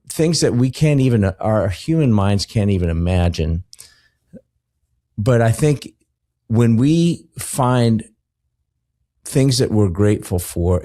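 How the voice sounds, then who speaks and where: Slow, warm-toned reflective man. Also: on the low side. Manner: reflective and earnest, with drawn-out exclamations. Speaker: guest. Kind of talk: podcast conversation.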